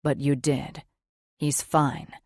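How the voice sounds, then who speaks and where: Woman playing a protective demon lover, gruff and low, quietly reassuring. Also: steady tone, moderate pace, no echo, clean studio sound. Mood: soothing. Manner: low, soothing, terse. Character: brooding male demon wolf mate, protective.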